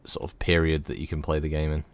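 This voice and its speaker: A man's voice: very deep voice, level tone, fast talker. A man giving casual, rambling commentary as he streams a game, swearing freely.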